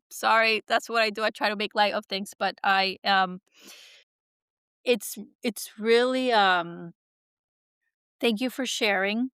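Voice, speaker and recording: A woman hosting a podcast, talking in a soft, reflective, rambling way with many fillers. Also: medium pitch, fairly even intonation, slow, long pauses, smooth, no room sound, studio quality. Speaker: podcast host. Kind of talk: casual heartfelt conversation.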